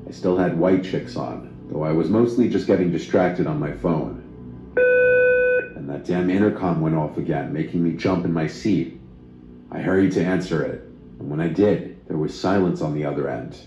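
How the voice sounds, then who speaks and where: Deep-voiced man narrating a horror story. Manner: steady, even reading. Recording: roomy, slightly dull, faint music.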